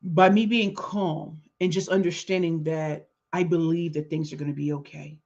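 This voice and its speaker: A middle-aged woman hosting her podcast, telling a story in an animated, conversational way with emphatic repetitions. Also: low voice, normal speed. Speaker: podcast host and business speaker. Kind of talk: storytelling monologue. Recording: dull lo-fi sound.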